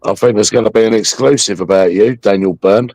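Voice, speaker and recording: A man's voice: lowish voice, fairly quick, darkish tone, dry recording. A man hosting a livestream, taunting a viewer in a mocking, aggressive rant full of swearing. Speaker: livestream host.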